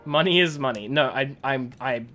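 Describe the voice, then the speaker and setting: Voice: mid-range voice, normal speed, sharp tone, soft background music. A game streamer chatting casually while playing, joking and laughing often. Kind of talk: casual gameplay chat.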